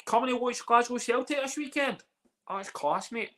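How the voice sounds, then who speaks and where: A man putting on a chatty, matey young lad from Glasgow in a Glaswegian accent, high and exaggerated. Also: normal speed, pushed and bright. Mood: cheery, matey. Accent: Glaswegian, put on. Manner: high-pitched, exaggerated, pally.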